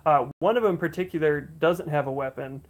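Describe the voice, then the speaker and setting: Game master type: man narrating a livestream campaign, gravelly, loose and rambling. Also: on the high side, brisk. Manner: rambling, many fillers and restarts.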